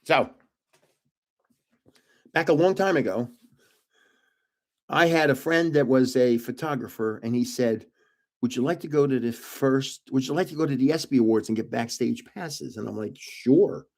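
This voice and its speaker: A man's voice: medium pitch, normal speed, creaky, long pauses, darkish tone. An older man hosting his own channel, telling rambling backstage anecdotes in a casual, chatty way and chuckling at his own jokes. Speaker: channel host. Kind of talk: casual storytelling.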